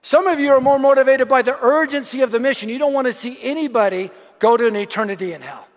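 Talking fast, a middle-aged preacher delivers an animated sermon full of stories, his voice strikingly high for a man. Long reverb from the hall trails his words as he swings between shouted lines and hushed asides.

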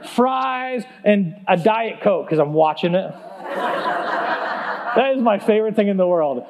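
A man in his thirties preaching a storytelling sermon, animated and comic, laughing at himself. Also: high-pitched, measured pace, crowd noise.

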